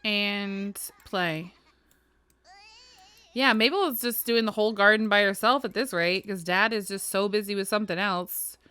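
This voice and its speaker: A woman's voice: mid-range voice, normal speed, pushed and bright, clean tone, no echo. A woman casually commenting on her life-sim game as she plays, chatty and giggly, talking to her game characters. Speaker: gaming video host. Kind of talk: casual let's-play commentary.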